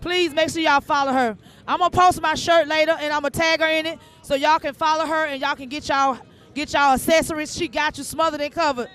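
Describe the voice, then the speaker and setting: A man hosting a live outdoor bike night, excitedly giving repetitive shout-outs. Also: very high voice, fairly quick. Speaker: show host. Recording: crowd noise behind, outdoors.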